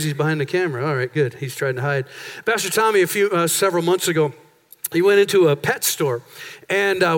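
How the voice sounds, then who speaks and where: Bright-voiced, animated male pastor. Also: on the high side. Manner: animated storytelling with jokes. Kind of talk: sermon. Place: church sanctuary.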